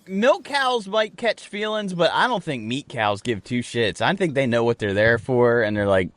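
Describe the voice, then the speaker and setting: A man co-hosting a podcast, rambling through animated, profane stories in casual banter. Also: mid-range voice, normal speed, dry recording. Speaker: podcast co-host.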